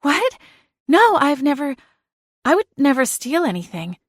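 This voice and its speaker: A woman's voice: high voice, expressive, normal speed, no room sound, clean studio sound, voice pushed up. A woman voicing a nervous, flustered young woman applying for a job, stammering her answers.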